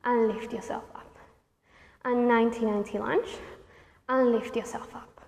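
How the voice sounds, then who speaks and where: Breathless high-voiced woman coaching a workout. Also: fairly even intonation, normal speed, gravelly, a little mellow, long reverb tail. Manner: encouraging, counts reps, panting and laughing between cues. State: out of breath, sweaty. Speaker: pilates instructor. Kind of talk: guided workout instruction.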